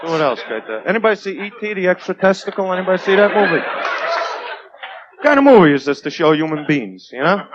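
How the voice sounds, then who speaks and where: A man with a high-pitched voice delivers a brash, crude stand-up routine from a comedy club stage. He swaggers through the material and keeps asking "right?". The sound comes from an old 1980s TV tape, with a steady hiss behind it. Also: a little fast, highs cut off.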